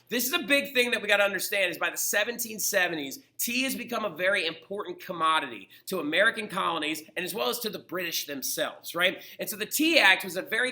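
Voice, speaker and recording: A man's voice: sits high, pushed and bright. A man teaching a history lesson in a casual, chatty way, often checking in with "right?". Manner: chatty, keeps asking "right?". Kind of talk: casual classroom lecture.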